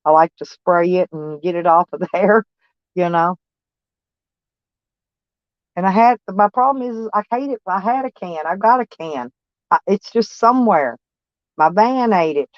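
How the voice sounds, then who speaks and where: A woman's voice: fairly low pitch, unhurried, pauses often, dry recording. Rambling folksy older woman, lo-fi sound. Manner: rambling, folksy storytelling with cussing and laughs. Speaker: van-dwelling vlogger. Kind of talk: casual chat. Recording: dull lo-fi sound.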